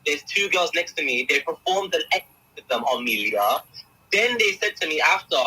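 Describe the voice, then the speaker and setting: A young man with a husky, strikingly bright voice, giving an intense and agitated first-person account as an interview guest. He sits slightly high for a man. He keeps turning to the host and calling her by name. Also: animated, moderate pace, low-quality recording.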